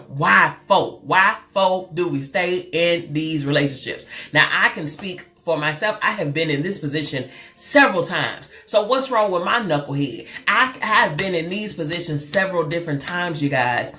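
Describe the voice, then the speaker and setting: A woman's voice: normal speed, few pauses. Chatty woman hosting a live stream. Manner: lively, chatty, calls viewers girl and honey; loud, expressive swings in pitch. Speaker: live show host and therapist. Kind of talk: casual live-stream chat with viewers.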